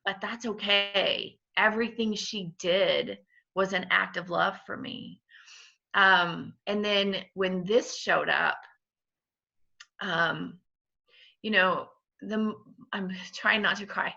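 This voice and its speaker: A woman's voice: mid-range voice, steady tone, unhurried, sharp tone. A middle-aged woman as a podcast guest, candidly sharing a personal faith testimony, heartfelt and laughing through emotion. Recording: dull lo-fi sound.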